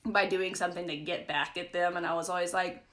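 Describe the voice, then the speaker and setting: A woman's voice: on the low side, fairly even intonation, a little fast, a bit bright. A young woman leading a casual livestream Bible study, chatty and storytelling, often saying "like" and "right?". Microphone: phone or webcam for a live stream.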